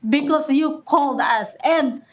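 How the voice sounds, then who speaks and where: A woman with a high voice speaks at a podium microphone in a council chamber. She is angry and accusatory, and she stumbles and repeats her words as she gives her public comment. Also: measured pace.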